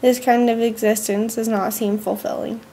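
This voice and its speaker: A woman, a student, reading her school journal aloud in an earnest, measured way with slow pauses. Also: on the high side, little pitch movement, mellow.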